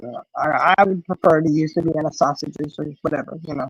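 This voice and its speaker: This middle-aged woman has a deep, gravelly, slightly rough voice and talks a little fast as she chats casually on her live stream. She tells an emotional story, imitates the people she quotes, and keeps saying "you know," all in dull, lo-fi, close, dry sound with no echo.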